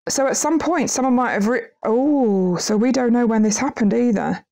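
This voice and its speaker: A woman's voice: fairly high pitch, normal speed, creaky, warm tone. A woman co-hosting a podcast in casual chat, teasing her friend with nosy questions. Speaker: podcast co-host.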